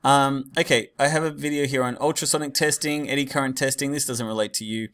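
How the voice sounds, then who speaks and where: A man's voice: medium pitch, fairly even intonation, fast talker, a bit bright. A man teaching a class in a casual, digressive lecture full of fillers and asides.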